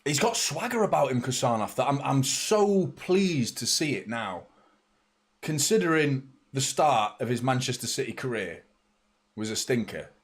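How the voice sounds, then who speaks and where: A young man at a moderate pace and mid-range pitch keeps up eager chatter on a live football watchalong, responding to the game and welcoming viewers by name.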